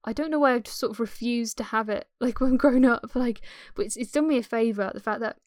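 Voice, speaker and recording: A woman's voice: on the high side, quick pace, darkish tone, no room sound, clean studio sound. A young woman from England with a light English accent, chatting as a guest, hesitant and full of likes and trailing sentences. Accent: English, softened West Midlands. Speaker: guest, aspiring performer. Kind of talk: casual chat.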